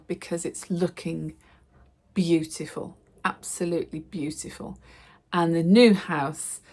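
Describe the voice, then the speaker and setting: A middle-aged woman, chatting to camera in a casual vlog and telling stories with lively acted quotes. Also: lowish voice. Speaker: lifestyle vlogger.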